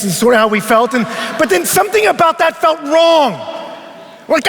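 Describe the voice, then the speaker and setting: A man preaching at a conference, telling a story in an animated way and sometimes rising to a shout. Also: very high-pitched, brisk. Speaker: pastor. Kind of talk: conference sermon. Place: large arena. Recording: long arena reverb.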